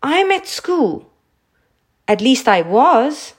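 A woman's voice: high voice, very animated, very slow, breathy edge, voice pushed up, full character voice. A woman voicing an awkward, sulky young schoolboy in a raised, pleading boyish tone.

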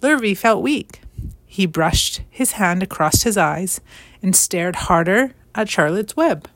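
A woman reading a children's novel aloud in a gentle, measured storytelling manner. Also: medium pitch, animated. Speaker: storybook reader.

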